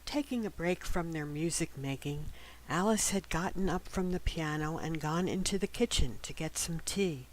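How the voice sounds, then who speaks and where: A woman reading a novel aloud as scripted first-person narration, gentle and even, sometimes dropping to a hush. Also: low-pitched, normal speed, slight background noise, low-quality recording. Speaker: audiobook narrator.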